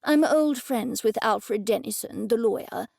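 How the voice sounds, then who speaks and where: A woman's voice: on the high side, measured pace, vocal fry, a little mellow, dry recording, studio quality. A woman reading the lines of a cheerful, scheming older man in an audiobook, in an upbeat, matter-of-fact way.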